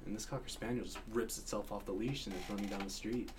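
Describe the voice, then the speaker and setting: A man's voice: lowish voice, steady tone, fast, slight background noise. A man co-hosting a podcast in casual chat, telling long jokes and stories and swearing freely. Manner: storyteller, swears freely, breaks into loud laughter. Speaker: podcast co-host.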